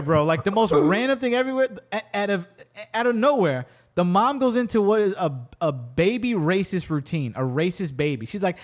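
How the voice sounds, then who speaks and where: A man's voice: sits high, animated, fairly quick. A young man hosting a podcast, animatedly retelling a movie in casual chat and acting out the characters' lines. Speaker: podcast host.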